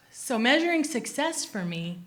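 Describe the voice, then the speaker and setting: A woman's voice: fairly high pitch, very animated, takes it slowly, a bit bright. A woman speaking candidly on a live panel, emotional at times and full of casual fillers. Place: live event at a university.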